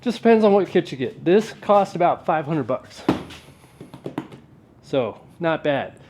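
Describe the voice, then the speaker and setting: A man's voice: fairly high pitch, big pitch swings, unhurried, a little mellow, slight background noise. A man talking casually and wryly to the camera while working on an old truck in a garage vlog. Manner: laid-back and wry, with offhand jokes.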